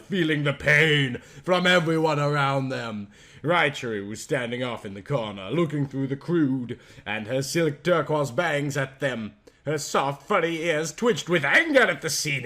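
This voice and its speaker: A man's voice: fairly high pitch, a bit bright. A man hosting his channel, giving a mock-serious comedic reading of fan fiction. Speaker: channel host.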